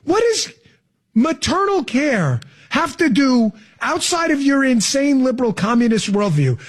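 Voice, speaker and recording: A man hosting political talk radio, sarcastic and emphatic, mocking what he hears. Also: very high voice. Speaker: radio talk show host.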